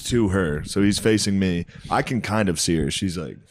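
A man's voice: sits low, normal speed, a little hiss or hum. A man telling crude, profanity-laden stories in casual chat, often laughing.

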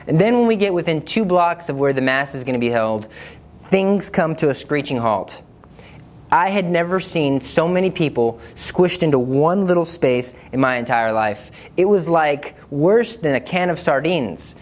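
A man telling a personal story in a lively way, acting out the dialogue in higher voices and dropping low and slow for serious asides. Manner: lively, acts out dialogue with raised pitch. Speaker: storyteller recounting a trip.

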